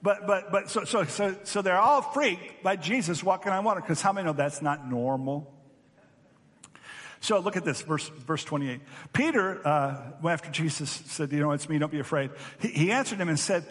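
A man's voice: a little high, normal speed, a bit bright, slightly rough, big-room sound. A man preaching a sermon as pastor, telling stories animatedly and acting out voices.

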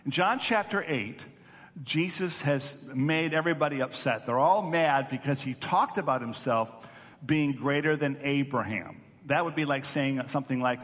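A man's voice: medium pitch, fairly bright tone. Man preaching in a reverberant hall. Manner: earnest teaching, repeating words on restarts. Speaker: pastor. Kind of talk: sermon.

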